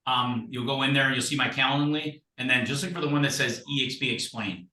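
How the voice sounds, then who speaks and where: A man guest in casual chat, telling stories in an animated, blunt and salty way. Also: mid-range voice, brisk, hardly any pauses. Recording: roomy sound from far off the mic.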